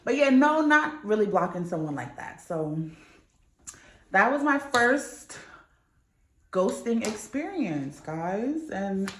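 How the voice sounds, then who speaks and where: A woman's voice: medium pitch, very animated, takes it slowly, a bit bright, echoey room, a little hiss or hum. A young woman vlogging in a casual, candid chat, swearing freely as she tells a story. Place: New York.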